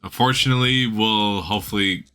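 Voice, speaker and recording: Deep, bright-toned man in casual chat. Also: brisk, smooth, soft background music. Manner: thoughtful, self-correcting. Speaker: podcast co-host.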